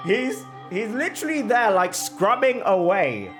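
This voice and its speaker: A young man streaming a game, telling a long embarrassing story in an animated, exaggerated comic way. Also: sits high, moderate pace, few pauses, music in the background. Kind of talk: casual storytelling while gaming.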